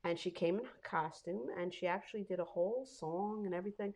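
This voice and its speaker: A woman's voice: lowish voice, fast talker, darkish tone. A woman hosting a casual podcast, chatting and telling a story. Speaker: podcast host. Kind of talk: casual chat.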